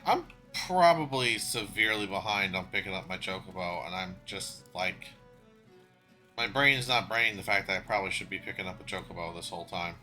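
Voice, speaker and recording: A man's voice: sits low, fairly quick, pushed and bright, soft background music. A man streaming a game, chatting casually to viewers, flustered and swearing freely as he talks to himself. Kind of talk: casual gaming livestream chat.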